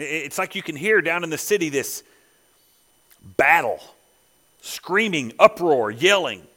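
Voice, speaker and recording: A man preaching a sermon as pastor, swelling to emphatic peaks and dropping to quiet asides. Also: a little high, long reverb tail. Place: church sanctuary.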